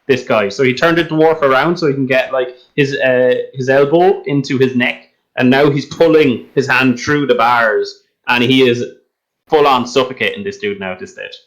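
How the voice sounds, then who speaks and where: A man's voice: medium pitch, normal speed, fairly bright tone, low-quality recording. Rambling man running a tabletop game. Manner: rambling, hesitant, lots of fillers. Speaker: game master.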